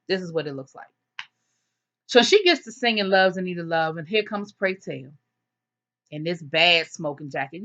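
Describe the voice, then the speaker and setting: A woman casually recapping a TV episode, telling it as an animated story and acting out the characters' lines. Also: fairly low pitch. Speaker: TV episode reviewer. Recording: dull lo-fi sound.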